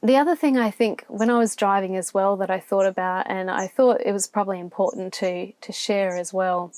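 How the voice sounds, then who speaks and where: A woman's voice: mid-range voice, fairly even intonation, fairly quick, a little mellow, no room sound. Reflective Australian woman vlogging from her van. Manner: open, reflective, rambling with restarts. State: near tears at times. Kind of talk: candid solo vlog to camera. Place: campground, inside a van.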